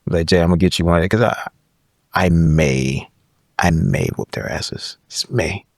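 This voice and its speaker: A low-pitched man in his thirties talks as a podcast guest, telling a personal story in a loose, animated way and tagging his points with "right?". His voice is deep, and the recording is dry and close, with no room sound. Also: unhurried, creaky, dry recording. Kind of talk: casual conversation, storytelling.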